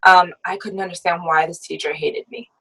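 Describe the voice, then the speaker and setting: A young woman speaks as a podcast guest, her voice sitting on the low side. She tells her story reflectively, often pausing on hesitant ums. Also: steady tone, a bit bright, husky, poor audio. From United States. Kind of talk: personal storytelling in a podcast conversation.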